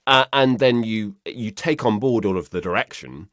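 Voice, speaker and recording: A man's voice: on the low side, normal speed, no echo. A man with a British RP accent, a voice actor chatting in an interview from his home studio and acting out the people he quotes. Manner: animated, acts out quoted voices mid-sentence. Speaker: voice actor guest. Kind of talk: casual interview chat.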